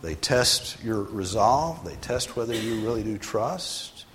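A male pastor giving a sermon in a conversational way, sometimes rising for emphasis and then dropping low. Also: expressive, slow pace, fairly bright tone, a little hiss or hum. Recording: long hall reverb.

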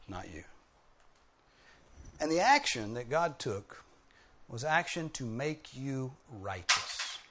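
A man's voice: medium pitch, slow, pauses often, fairly bright tone, slight background noise. A man preaching an expository sermon, driving points home with emphatic repetition. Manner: emphatic, repeating key phrases with rising force. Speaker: pastor.

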